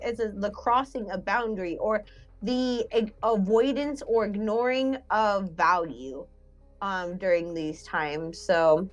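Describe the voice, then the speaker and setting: A woman's voice: fairly low pitch, poor audio. Young woman counselor just chatting, rambles, lots of likes and ums. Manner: rambling, lots of fillers, laughs easily. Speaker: mental health counselor and stream host. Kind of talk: casual chat.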